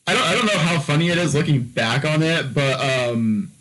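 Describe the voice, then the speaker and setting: A man's voice: fairly high pitch, lively intonation, measured pace, fairly bright tone, low-quality recording. A man co-hosting a podcast, telling a story in casual chat with many fillers, repeats and restarts. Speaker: podcast co-host.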